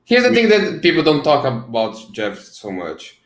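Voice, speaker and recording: A man co-hosting a casual chat, dropping quick jokes. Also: on the high side, wildly swooping pitch. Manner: joking quick interjections. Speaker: co-host. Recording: echoey room.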